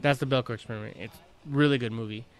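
A man in casual conversation, telling a rambling, animated story with many restarts. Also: medium pitch, fast, heavy background noise. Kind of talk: casual chat.

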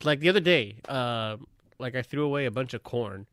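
A man's voice: medium pitch, expressive, moderate pace, fairly bright tone, dry recording, studio quality. A man hosting a podcast, telling rambling stories full of filler words and swearing, and laughing often as he talks. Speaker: podcast host. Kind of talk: casual podcast chat.

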